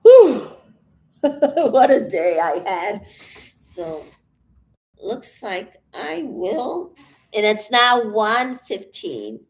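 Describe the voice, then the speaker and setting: A woman vlogging casually as she paints, out of breath and rambling with many pauses, thinking aloud. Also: mid-range voice, very animated. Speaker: channel host. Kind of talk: casual vlog while painting.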